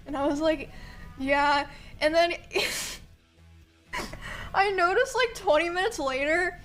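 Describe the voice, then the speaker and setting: A woman's voice: very high voice, slow, a bit bright, soft background music. A young woman streamer casually telling family stories to her chat, chatty and giggling, with 'like' in nearly every sentence. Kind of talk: casual storytelling to a live chat.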